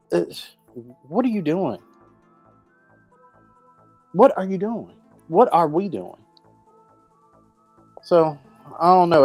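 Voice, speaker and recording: A woman with a low, darkish voice co-hosts a casual podcast talk show, ranting bluntly and profanely about the news in opinionated chat. She laughs easily, and there's no echo on the recording.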